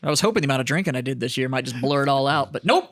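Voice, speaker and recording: A man's voice: medium pitch, expressive, racing, a bit bright. A man co-hosting a podcast, bantering casually, swearing and laughing a lot. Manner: joking, swears, laughs often. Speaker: podcast co-host.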